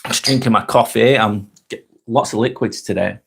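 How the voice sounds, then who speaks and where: A man's voice: fairly low pitch, brisk, creaky, fairly bright tone, a little hiss or hum. An English man, middle-aged, hosting a live vlog, chatting casually with viewers, rambling and repeating himself and swearing freely. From England. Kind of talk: casual live-stream chat.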